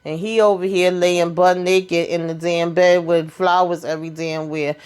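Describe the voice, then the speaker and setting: A woman's voice: on the low side, little pitch movement, normal speed, darkish tone, clean tone. A woman recapping a TV episode in a casual, chatty and slangy way, telling the story as she goes. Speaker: TV recap vlogger.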